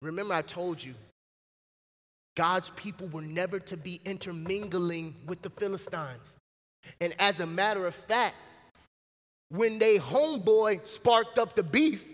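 A man preaching a sermon in a big church hall, his voice pitched high and trailing a long reverb. He talks in a loose, lively way, dropping slang and acting out quotes as he goes. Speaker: pastor. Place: church sanctuary.

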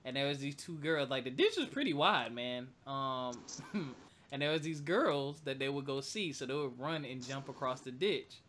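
A man's voice: medium pitch, normal speed, slight background noise. A man telling a childhood story in a casual, profane chat, laughing often. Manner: animated, laughs loudly, profane. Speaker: co-host.

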